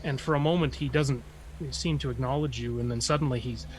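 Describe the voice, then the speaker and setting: A man narrating as game master of a tabletop game, in a halting way with many pauses and restarts. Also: mid-range voice, steady tone, noisy background.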